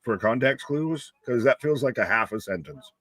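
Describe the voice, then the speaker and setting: A man's voice: medium pitch, animated, moderate pace, fairly bright tone, no room sound. A man co-hosting a live wrestling watch-along, joking around, laughing and swearing freely. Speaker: co-host.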